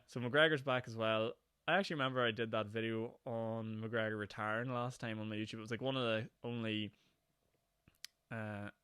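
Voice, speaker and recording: Fast-talking Northern Irish man, low voice. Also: a bit bright, smooth, no room sound. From Northern Ireland. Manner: fast-talking, rambling, laughs often. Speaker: podcast host. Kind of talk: casual solo podcast chat. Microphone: podcast microphone.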